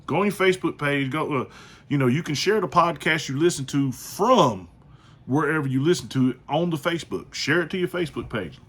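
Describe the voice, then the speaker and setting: A man's voice: fairly high pitch, animated, fairly quick, fairly bright tone, husky. A man hosting his own podcast, talking casually and repetitively in slangy, joking asides. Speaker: podcast host. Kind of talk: casual solo podcast monologue.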